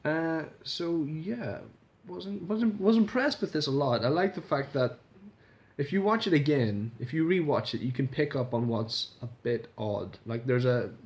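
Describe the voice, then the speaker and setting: A man's voice: mid-range voice, darkish tone. A man casually reviewing a TV episode in a rambling vlog, swearing freely and restarting his sentences. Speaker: video reviewer.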